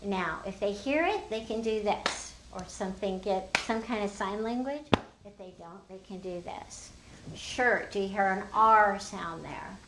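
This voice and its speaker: An older woman walks fellow teachers through a phonics lesson, upbeat and teacherly. Her voice sits at an ordinary middle pitch. The room gives it a roomy echo with a faint hum behind. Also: normal speed. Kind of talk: explaining a classroom phonics lesson.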